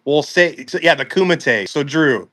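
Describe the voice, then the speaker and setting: A man's voice: a little high, animated, measured pace, a bit bright. A man co-hosting a casual chat show, giving his opinions and reading out viewer questions. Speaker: co-host.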